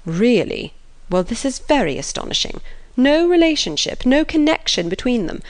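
A woman reading the part of a pompous, fussy gentleman who lectures his sister. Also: a little high, big pitch swings, moderate pace, voice pushed up. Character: pompous fussy gentleman, self-important brother.

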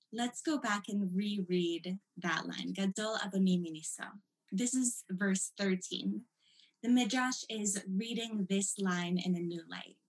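A woman's voice: mid-range voice, poor audio. A woman giving a lecture as a teacher, reading passages aloud and stressing key words with dramatic emphasis. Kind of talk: recorded lecture.

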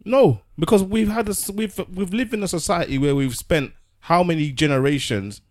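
A man's voice: on the high side, normal speed, a little mellow. Earnest man explaining his view. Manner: earnest, explaining, repeats words as he works through a point. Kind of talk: casual discussion.

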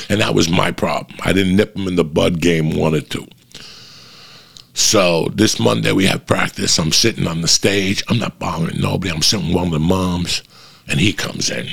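A middle-aged man, telling a profane stand-up story that rises into loud, animated rants. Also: low voice, normal speed, gravelly, slightly rough. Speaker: stand-up comedian.

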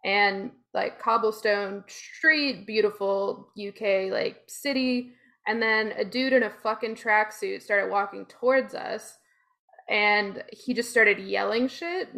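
A woman's voice: medium pitch, slow, creaky, fairly bright tone. A woman chatting casually, laughing often and telling upbeat stories with casual swearing. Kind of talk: casual chat.

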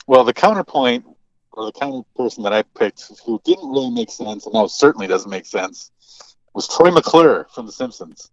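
A man's voice: medium pitch, sing-song, normal speed, vocal fry, muffled recording. A man co-hosting a podcast in laid-back casual chat. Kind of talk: casual chat about TV shows.

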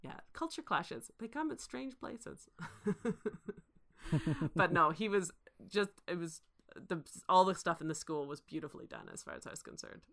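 Woman telling a lively story. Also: fairly low pitch, moderate pace, vocal fry. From Canada. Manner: animated storytelling with frequent laughs and restarts. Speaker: podcast co-host. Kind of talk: casual film discussion.

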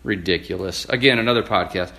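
A man's voice: low voice, fast talker, creaky, bright, forceful tone. A middle-aged man hosting a podcast in casual chat, joking and playfully grumpy. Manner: joking, self-declared cranky sports fan. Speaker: podcast host.

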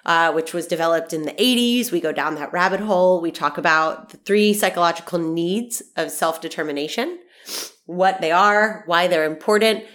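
A woman's voice: fairly low pitch, moderate pace, a bit bright. Chatty nasal woman in her thirties. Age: 30s. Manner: bubbly, chatty, swears casually, laughs often. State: stuffy nose from allergies. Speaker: podcast host. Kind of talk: casual podcast monologue.

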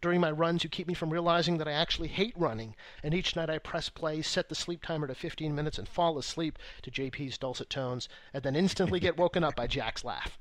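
A man's voice: fairly high pitch, brisk, hardly any pauses, fairly bright tone, no echo. A man co-hosting a podcast, reading listener letters aloud in a wry, profane, mock-reverent casual chat. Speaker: podcast co-host.

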